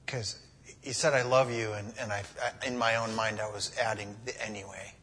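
Halting low-voiced man making church announcements. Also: bright, forceful tone, slight background noise. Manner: halting, repeats words, hard on himself. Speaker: church member giving announcements. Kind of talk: casual testimony and announcements.

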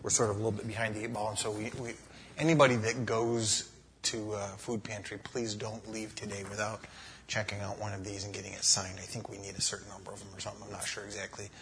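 Halting low-voiced man making church announcements. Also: little pitch movement, a bit bright, a little hiss or hum. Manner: halting, repeats words, hard on himself. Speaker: church member giving announcements. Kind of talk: casual testimony and announcements.

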